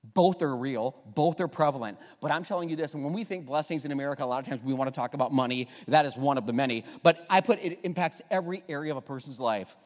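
Male pastor, high lively voice, joking sermon, long church-hall reverb. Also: fast. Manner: animated, jokey, asks the congregation to repeat lines. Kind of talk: humorous sermon. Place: church sanctuary.

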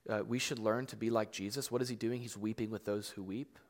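A man's voice: fairly low pitch, steady tone, fairly quick. A man preaching a sermon in a casual, conversational way, full of fillers and emphatic repeats that build into rising intensity. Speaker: pastor. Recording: long hall reverb.

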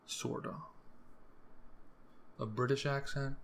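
A man's voice: medium pitch, measured pace, long pauses, a little hiss or hum. Rambling crude young man podcasting. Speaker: podcast host. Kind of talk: casual solo podcast rant.

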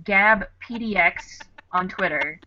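Co-host: tipsy woman, bright and forceful voice, teasing banter, dull lo-fi remote audio, dry sound. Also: medium pitch, takes it slowly. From United States. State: tipsy from drinking. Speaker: podcast co-host. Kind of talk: casual chat. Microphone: remote call mic.

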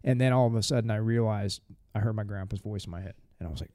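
A man's voice: lowish voice, fast, mellow, dry recording. A middle-aged man, a firearms instructor, telling blunt, profane stories in a casual podcast chat. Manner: blunt, profane, rambling with restarts. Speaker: firearms instructor and former Marine.

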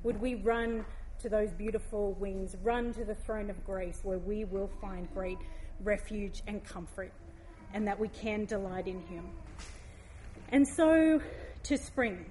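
A woman's voice: medium pitch, a little hiss or hum. Heartfelt woman giving a devotional talk. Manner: heartfelt, gently emotional, reads scripture aloud slowly.

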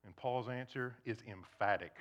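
Male pastor, sermon: bright, lively delivery, leans in quietly for emphasis. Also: medium pitch, moderate pace. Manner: conversational, animated, swings to soft intense emphasis. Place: church before a congregation.

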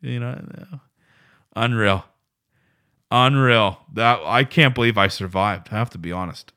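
A male podcast host spinning a rambling, self-deprecating story on his own, with plenty of swearing. His pitch rises and falls a lot as he talks, at a middling register. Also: a bit bright. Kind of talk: casual solo podcast storytelling.

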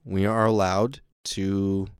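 Male comedy host, improv sketch, deadpan and earnest, low voice, dry close mic. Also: slow, smooth, dry recording.

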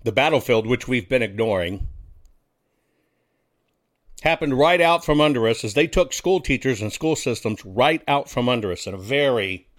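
A man's voice: medium pitch, expressive, normal speed. A male talk show host speaks in a folksy, combative way, often turning to the audience with rhetorical questions. His voice sits in an ordinary middle range. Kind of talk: casual talk show monologue.

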